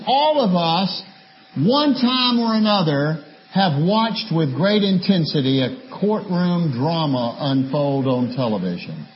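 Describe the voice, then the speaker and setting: A man preaching a sermon, who repeats key phrases for emphasis and slows down on scripture. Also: high voice, a little hiss or hum. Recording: dull lo-fi sermon recording.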